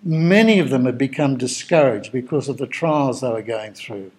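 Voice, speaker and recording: A man's voice: medium pitch, moderate pace, darkish tone, rough recording. A man preaching a sermon in a conversational, storytelling way, acting out the dialogue of the people he describes. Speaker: pastor.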